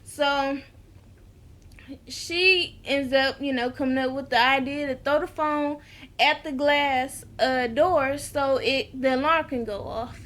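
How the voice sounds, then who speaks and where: A woman with a high, bright voice, chatting casually to her viewers as she recaps a TV episode. She tells it as a lively story and speaks right to her audience. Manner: animated storytelling, talks straight to viewers. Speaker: TV episode reviewer.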